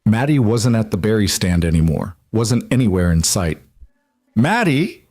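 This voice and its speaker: A man giving scripted narration of a story in an even, measured way. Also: lowish voice, no room sound, studio quality.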